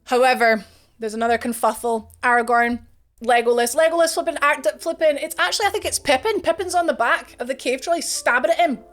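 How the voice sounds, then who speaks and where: A woman streamer retelling a fantasy story with animated, chatty narration, slangy asides and self-corrections. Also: sits high, brisk. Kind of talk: casual dramatic retelling of a story.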